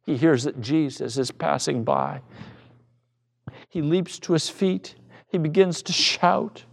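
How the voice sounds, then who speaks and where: A middle-aged male pastor preaching a sermon with passion, now and then bursting into shouted quoted voices. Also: mid-range voice, a little slow, vocal fry.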